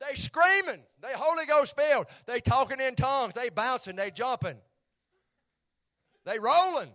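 Male preacher, middle-aged, very high voice, storytelling testimony with big swings from hushed to loud, repeats lines for effect. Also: moderate pace. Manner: animated, swings from hushed to shouting, repeats phrases. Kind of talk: sermon storytelling.

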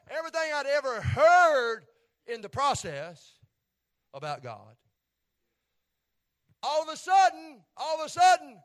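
A middle-aged man preaches in a striking, very high voice. He tells his testimony animatedly, dropping to near whispers and then rising to shouts, and repeats phrases for emphasis. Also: sing-song, measured pace, pauses often. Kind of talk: sermon storytelling.

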